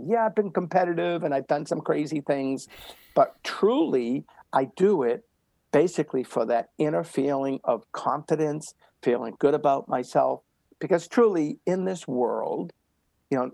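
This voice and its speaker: A man's voice: fairly high pitch, vocal fry, dark tone, dry recording. An older man telling motivational running stories in an interview, emphatic and repetitive. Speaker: guest runner. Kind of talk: storytelling interview.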